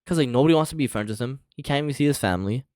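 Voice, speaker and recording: A man's voice: mid-range voice, expressive, very fast, darkish tone, no echo. A young man casually telling a storytime story to his viewers, slangy and profane, with lots of fillers.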